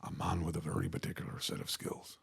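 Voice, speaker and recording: Aussie guy doing a low menacing northern irish action hero voice, slow and deadly serious. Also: monotone, vocal fry, slightly rough, full character voice. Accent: Northern Irish (put on). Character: impression of a grim, menacing middle-aged male film hero.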